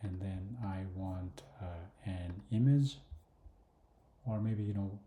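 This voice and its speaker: Low slow man muttering through a tutorial. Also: dark tone, slight background noise. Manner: thinks aloud, often drops to a mutter or whisper; hesitant, many fillers and restarts. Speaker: design tutor. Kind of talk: screen-recorded design walkthrough. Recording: echoey room.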